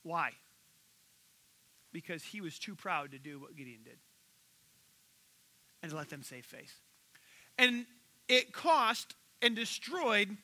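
A male pastor delivers a sermon with a high, sharply bright voice. He retells stories animatedly, jumping into the voices of the people in them. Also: takes it slowly, pauses often, low-quality recording. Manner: animated storytelling, acting out quoted voices.

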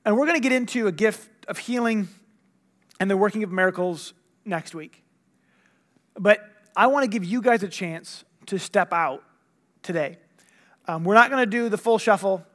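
A young man gives a sermon in a high, light voice, telling stories and acting out every line of dialogue. His delivery is animated and conversational, swinging between loud bursts and quiet, soft moments. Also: moderate pace, long pauses. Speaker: preacher. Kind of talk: sermon with storytelling.

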